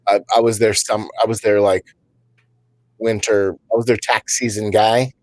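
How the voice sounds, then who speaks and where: A man co-hosts a comedy podcast, spinning rambling stories about work and laughing at his own jokes. His voice sits lowish and darkish, with little pitch movement and a moderate pace, and there's no echo.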